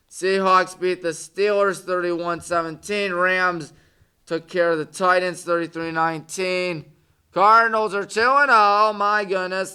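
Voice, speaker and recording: Man, sports talk host, high voice, smooth clear tone, sarcastic asides, score recap. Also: pushed and bright. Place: community TV studio.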